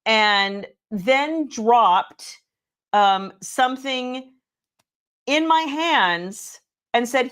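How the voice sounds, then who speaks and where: A woman's voice: fairly high pitch, expressive, extremely slow, fairly bright tone, smooth. An American woman co-hosting a casual livestream, chatty, laughing often and reading viewer comments aloud. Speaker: livestream co-host.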